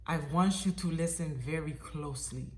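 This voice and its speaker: A woman voicing a calm male mover with a put-on Russian accent, speaking lower and in a measured, earnest way. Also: lightly acted.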